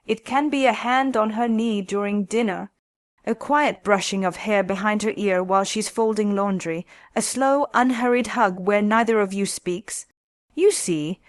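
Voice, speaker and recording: A woman calmly narrating scripted relationship advice in a slow, soft, intimate way. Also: medium pitch, no room sound.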